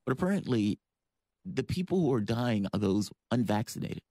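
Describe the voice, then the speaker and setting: A man's voice: medium pitch, big pitch swings, moderate pace, dark tone, no echo. A man hosting a radio interview show, chatting casually and rambling a little with fillers.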